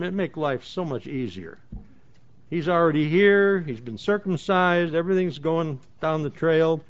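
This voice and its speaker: Bible-study teacher, male, fairly high voice, reads scripture then explains it plainly, restarts often; dull lo-fi recording. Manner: reads verses aloud, then comments plainly, with frequent restarts.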